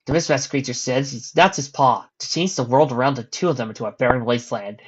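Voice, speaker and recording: A reader narrating a fan story aloud, in an even, casual tone with offhand asides. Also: medium pitch, fast, hardly any pauses, husky. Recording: dull lo-fi recording.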